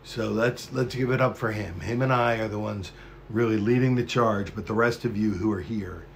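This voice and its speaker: Gravelly-voiced man ranting on a stream. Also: fairly low pitch, normal speed, a little hiss or hum. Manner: profane, conspiratorial, rambling. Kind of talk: rambling live-stream monologue.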